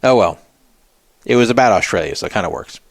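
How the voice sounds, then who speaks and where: A man's voice: on the low side, lively intonation, fast talker, no echo. A man hosting a solo podcast, talking casually and skeptically and reading out viewer comments in a wry way. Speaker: podcast host.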